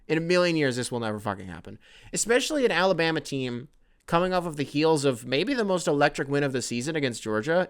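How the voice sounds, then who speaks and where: A man's voice: on the high side, big pitch swings, quick pace, smooth, dry recording, clean studio sound. Profane rambling male podcast host. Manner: rambling, profane, jokey, reads listener emails aloud. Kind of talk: casual solo podcast talk.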